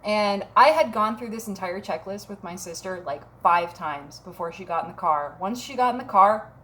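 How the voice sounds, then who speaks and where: A woman's voice: mid-range voice, moderate pace, fairly bright tone. A woman in her thirties, from Minnesota, tells a casual story on her vlog with a wry, self-mocking manner and plenty of swearing. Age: 30s. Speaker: vlogger.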